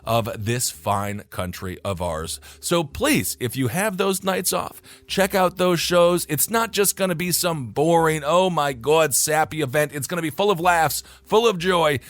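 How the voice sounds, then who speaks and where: A man co-hosting a podcast in casual chat, upbeat and animated, laughing often. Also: on the high side, unhurried, hardly any pauses, no echo. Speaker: podcast co-host.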